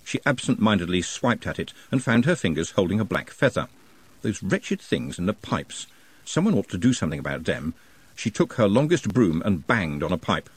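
Guy reading an audiobook, lively and wry, husky, dry. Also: deep voice, normal speed. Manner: expressive, wry. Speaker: audiobook narrator. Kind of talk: scripted narration.

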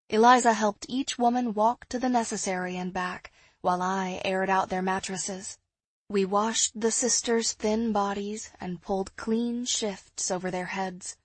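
A woman narrating an audiobook in the first person, in a measured, hushed storytelling manner. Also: mid-range voice, breathy edge, no room sound.

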